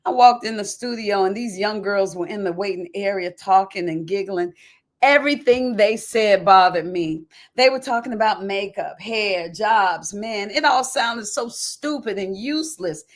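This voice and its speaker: A woman reading aloud from her own memoir, emotional and expressive, shifting from hushed to loud and talking to listeners in folksy asides. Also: medium pitch, normal speed. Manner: emotional, dramatic swings from quiet to loud.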